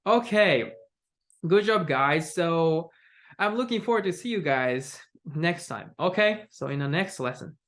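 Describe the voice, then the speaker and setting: A man teaching an English intonation lesson, slow and patient, with many fillers as he acts out example sentences aloud. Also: fairly high pitch, animated, a bit bright. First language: Japanese. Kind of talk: recorded online lesson.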